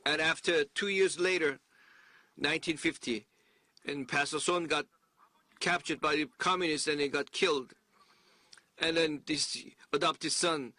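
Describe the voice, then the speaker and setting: A man with a high, bright voice delivers an earnest sermon at an unhurried pace. He often stops and restarts his sentences. The sound is dry and close. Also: steady tone, dry recording. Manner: halting, with frequent restarts and fillers; earnest, emphatic preaching. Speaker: preacher.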